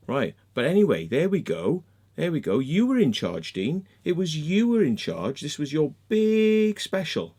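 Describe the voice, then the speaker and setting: A man, at an ordinary middle pitch, vents into the camera in a heated vlog rant. He swears freely and mocks sarcastically. He keeps pressing his points with a questioning "yeah?" or "right?". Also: a little mellow. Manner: sarcastic, mocking. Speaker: vlogger. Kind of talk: angry ranting vlog monologue.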